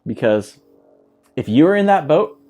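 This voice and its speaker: A man preaching a sermon in a church, his voice sitting a touch high and swinging widely in pitch. He is animated, acting out quoted voices and laughing lightly as he goes. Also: a little slow. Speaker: pastor.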